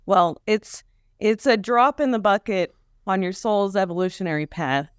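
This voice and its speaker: A woman as a guest on a comedy chat, talking calmly and gently evading questions. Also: mid-range voice, moderate pace, clear, resonant tone, no room sound, clean studio sound. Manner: calm, gently evasive.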